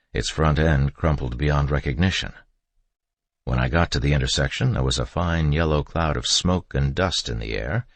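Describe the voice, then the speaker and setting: A man narrating a first-person horror audiobook in a steady, measured reading. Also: rumbling low, dry recording.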